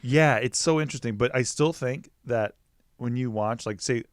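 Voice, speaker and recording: A man in his thirties talking movies in casual podcast chat, animated and swearing freely, often breaking into mock quotes. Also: medium pitch, normal speed, smooth, no room sound, studio quality. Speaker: podcast guest, Batman historian.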